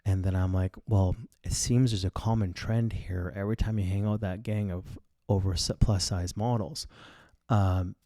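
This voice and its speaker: Guy in his 30s ranting a story on his podcast, crude and cocky, lowish mellow voice, dead dry room. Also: steady tone, moderate pace, no room sound. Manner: blunt, crude and boastful, heavy swearing. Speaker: podcast host. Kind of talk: casual storytelling monologue.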